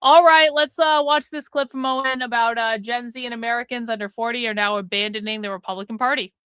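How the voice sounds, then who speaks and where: A woman's voice: a little high, steady tone, quick pace, fairly bright tone, smooth, dry recording. A woman co-hosting a livestream, talking bluntly and swearing freely. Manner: blunt, profane. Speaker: show co-host. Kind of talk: casual livestream commentary.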